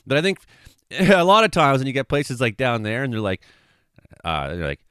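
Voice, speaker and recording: A man's voice: mid-range voice, wildly swooping pitch, moderate pace, fairly bright tone, clean tone, dry recording, clean studio sound. A man hosting a weather show in rambling, sarcastic, profane live commentary. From Canada.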